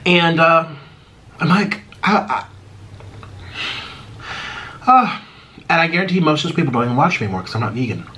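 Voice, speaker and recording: A man's voice: fairly high pitch, expressive, moderate pace, pauses often, pushed and bright, a little hiss or hum. An American man rambling casually to his viewers while eating, often stopping and restarting his sentences. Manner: rambling, self-interrupting, chatty. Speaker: mukbang YouTuber. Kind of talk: casual eating vlog chat.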